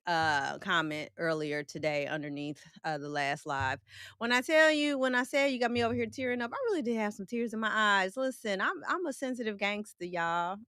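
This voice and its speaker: A woman's voice: medium pitch, pushed and bright, clean tone, no room sound, clean studio sound. A woman hosting a casual livestream, greeting and answering her chat in a playful, joking way with frequent laughs and slang. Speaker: livestream host reading chat.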